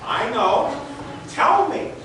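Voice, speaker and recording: A man's voice: very high-pitched, drawn-out words, very echoey, far from the mic, a little hiss or hum, pitched above the performer's own voice, heavily acted. A man doing an eager pleading young boy. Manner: begging, excited. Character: ten-year-old boy, eager and pleading.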